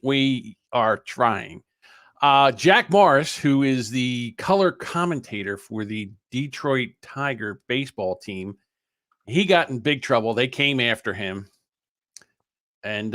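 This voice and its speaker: An older man co-hosting a podcast in casual, swearing, animated chat. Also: medium pitch, no room sound, clean studio sound. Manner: animated, swearing, quick to laugh. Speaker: podcast co-host.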